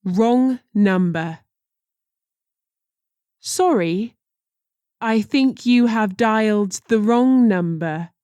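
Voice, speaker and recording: Woman teacher reading phrases super slow, mellow dark voice, dry sound. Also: medium pitch, smooth, no room sound. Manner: slow and deliberate, careful pronunciation. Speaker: language teacher.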